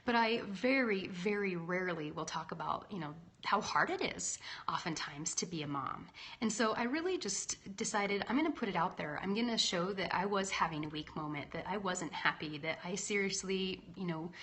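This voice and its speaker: A woman in her thirties with a lowish, fairly bright, animated voice speaks at a moderate pace to livestream viewers via phone or laptop. As a leadership coach, she's chatty and candid, often tossing in "right?".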